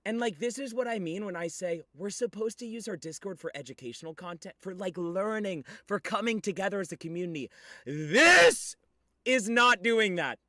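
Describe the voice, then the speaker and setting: Excitable young male streamer, bright voice. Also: high-pitched, fairly quick, hardly any pauses, no echo, clean studio sound. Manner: excitable, bursts into shouts, teasing. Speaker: livestreamer. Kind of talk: casual livestream chat.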